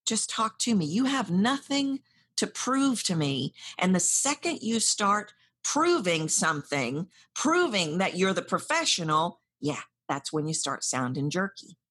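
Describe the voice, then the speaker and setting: A woman voice coach speaking directly to the listener, animated, acting out her clients' anxious inner voices. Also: fairly low pitch, measured pace, slightly rough. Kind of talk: direct-address coaching talk.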